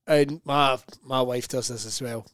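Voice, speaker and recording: A man's voice: mid-range voice, measured pace, no room sound, clean studio sound. A middle-aged Scottish man co-hosting a casual chat, telling stories with lots of swearing and acted-out quoted voices. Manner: animated storytelling, swearing, acting out quoted voices. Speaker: podcast co-host.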